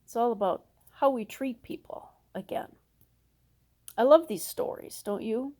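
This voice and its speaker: Slow high-voiced woman pastor. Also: mellow. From Minnesota. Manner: slow, storytelling, acts out characters with folksy asides. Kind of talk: sermon.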